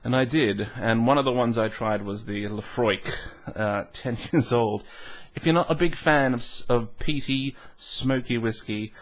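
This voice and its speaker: A man's voice: mid-range voice, a little slow. A man hosting a casual tasting vlog, musing aloud with hums, restarts and self-mocking asides. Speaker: whisky reviewer.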